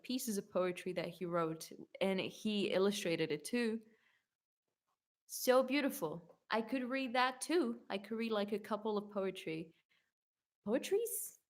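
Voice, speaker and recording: A young woman in a casual Q&A video, reading viewer comments aloud and answering them in a chatty, rambling way, full of "like" and quick self-corrections. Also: mid-range voice. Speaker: YouTube singer answering fan questions.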